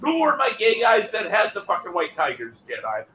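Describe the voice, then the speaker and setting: A man's voice: sits high, huge pitch swings, brisk, sharp tone, echoey room, a little hiss or hum, rough recording. A man on a call-in show who gets worked up, interrupts, and insists on finishing his point. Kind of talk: casual call-in show chat.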